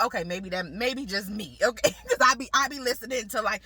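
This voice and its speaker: A woman's voice: on the high side, lively intonation, fairly quick, hardly any pauses, bright, forceful tone, husky, no room sound. A young woman talking casually to camera in a lifestyle vlog, chatty and slangy, laughing often. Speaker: lifestyle vlogger.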